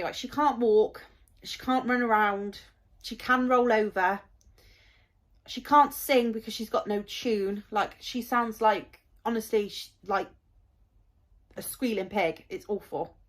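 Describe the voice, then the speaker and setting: A woman, talking in a heartfelt, rambling vlog as a parent, with many fillers. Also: mid-range voice. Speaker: parent vlogger. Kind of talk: casual vlog monologue.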